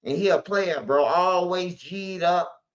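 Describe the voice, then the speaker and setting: A man's voice: high-pitched, slow. A man, hosting a street news channel, retelling a story in a loose, slangy, profane, emphatic way. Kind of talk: casual storytelling monologue. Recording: dull lo-fi audio.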